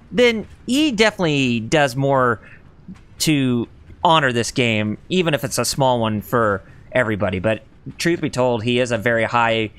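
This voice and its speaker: A man streaming a video game, giving chatty, animated commentary full of reactions and jokes. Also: medium pitch. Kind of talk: casual let's-play commentary.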